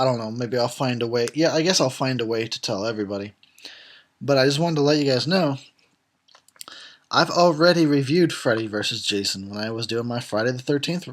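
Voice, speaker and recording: A tired man who has been drinking, giving casual, profane, sarcastic commentary on a film and chuckling often. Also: mid-range voice. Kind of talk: casual drunk movie commentary.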